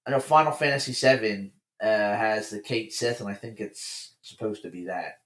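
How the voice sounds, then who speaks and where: A man, a guest on a podcast, chatting casually and recounting folklore in an even storytelling way. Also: lowish voice, moderate pace, echoey room.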